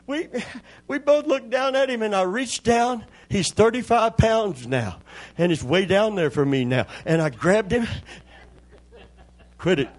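Older pastor preaching with folksy humor. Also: male voice, high-pitched, lively intonation, measured pace. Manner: folksy, joking, calls for amens. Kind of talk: Pentecostal sermon. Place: church.

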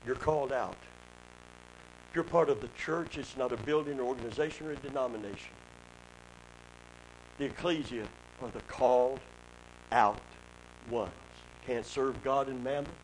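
Man preaching, pastor, emphatic, loud rises, faint hum behind. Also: mid-range voice, rough recording. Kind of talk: sermon.

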